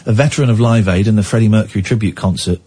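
A man's voice: fairly low pitch, rapid-fire, mellow, slightly rough. A man hosting a radio phone-in, rambling and chatty, reading news items aloud with asides. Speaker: radio show host. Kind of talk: casual talk radio with listener calls.

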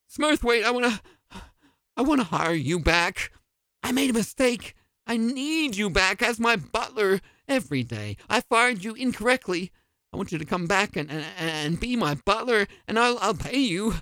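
A man's voice: sits high, very animated, normal speed, pushed and bright, no room sound. A man performing a scripted audio comedy as a flustered, pleading employer who stammers.

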